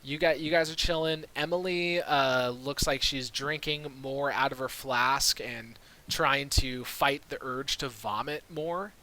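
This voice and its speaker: Laid-back male game master, slow and bright, narrating on a USB call mic. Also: medium pitch, poor audio. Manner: relaxed, filler-heavy storytelling. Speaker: dungeon master. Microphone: USB mic on a video call.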